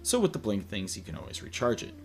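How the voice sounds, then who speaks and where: A tired man hosting a card game deck walkthrough, reading card text aloud in a relaxed way with many "uh" fillers, recording late at night. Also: lowish voice, fast, faint music behind. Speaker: deck tech host.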